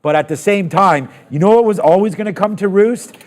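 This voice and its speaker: A man on a live trading stream, commenting on the markets as prices move. He talks in a fairly high voice and thinks out loud, with lots of fillers and sudden excited asides. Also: fairly quick. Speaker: trading show host.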